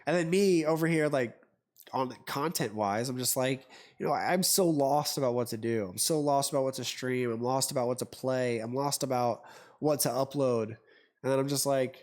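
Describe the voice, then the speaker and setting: A man's voice: mid-range voice, moderate pace, darkish tone. A man hosting a podcast, talking in a loose, rambling way with lots of fillers, restarts and some swearing. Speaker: podcast host. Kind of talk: casual chat.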